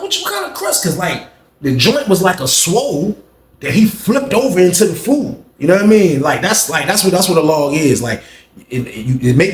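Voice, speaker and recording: A young man casually telling a story in heavy slang, acting out the people in it. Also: on the high side. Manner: slangy, animated, acts out every voice. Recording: roomy echo.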